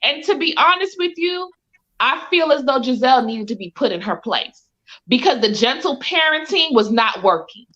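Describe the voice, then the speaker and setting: A woman in a casual talk-show chat, giving measured, thoughtful opinions. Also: high voice, expressive, fairly bright tone. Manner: measured, thoughtful commentary with repeated "I think". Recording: dull lo-fi sound.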